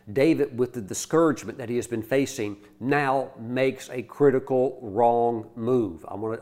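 A man preaching a sermon and retelling a story in an animated way, acting out the quoted lines and often restarting his sentences. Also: medium pitch.

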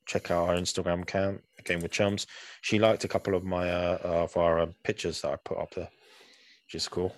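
A man's voice: low-pitched, level tone, normal speed, a little hiss or hum. A man co-hosting a podcast in casual chat, rambling and hesitant, full of fillers and restarts. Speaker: podcast co-host.

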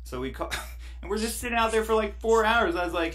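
A man's voice: high voice, animated, a little fast, a bit bright. A man as a podcast guest, telling a rambling story in casual chat, laughing often and full of fillers.

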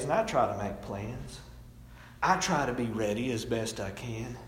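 A middle-aged man preaching a sermon, telling folksy stories with rising and falling emphasis. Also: medium pitch. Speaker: pastor. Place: church sanctuary. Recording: echoey hall, distant mic.

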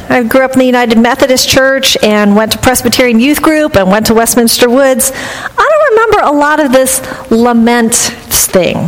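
A woman pastor reading scripture and preaching a sermon in a measured, earnest, reflective manner. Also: high-pitched. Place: church sanctuary. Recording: long hall reverb.

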